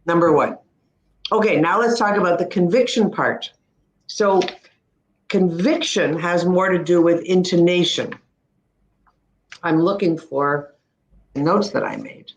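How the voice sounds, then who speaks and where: A middle-aged Canadian woman, a speech-language pathologist, teaches pronunciation in a crisp, instructive way, slowing down to model words carefully. Her voice is on the low side and carries a noticeable room echo.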